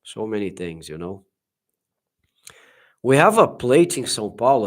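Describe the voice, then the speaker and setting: A man's voice: lowish voice, big pitch swings, a little slow. A middle-aged man from Brazil with a Brazilian Portuguese accent, chatting casually and enthusiastically on a livestream, often restarting his sentences. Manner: enthusiastic, gushing, frequent restarts. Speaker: livestream host.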